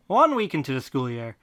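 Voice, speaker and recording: A podcast host reading fan fiction aloud in a deadpan tone, breaking off for snarky comments. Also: mid-range voice, creaky. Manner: deadpan reading broken by snarky asides and laughter. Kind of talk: comic fanfic reading with asides.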